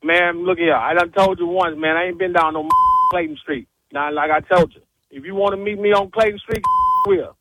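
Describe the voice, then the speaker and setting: A man's voice: sits high, moderate pace, sharp tone. A man on a phone call, laughing off accusations in a dismissive, defiant way. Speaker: prank call target. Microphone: phone line. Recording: noisy phone line.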